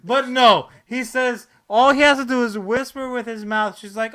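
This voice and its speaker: A man co-hosting a podcast in casual chat, joking with crude humor and loud outbursts. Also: very high-pitched, steady tone, normal speed, clear, resonant tone. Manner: profane, jokey, loud bursts. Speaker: podcast co-host.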